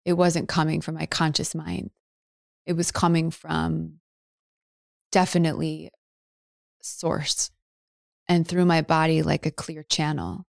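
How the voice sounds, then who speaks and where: A woman with a somewhat low voice shares a personal story on her podcast. She talks earnestly and leans on long dramatic pauses and casual fillers. The sound is close and dry. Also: flat delivery, creaky, no echo. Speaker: podcast host.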